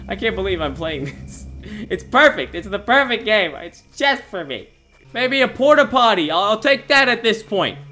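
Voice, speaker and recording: A teenage boy in his late teens giving excitable, giggly commentary on a horror game, yelping and shouting when startled. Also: sits high. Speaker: gaming video host.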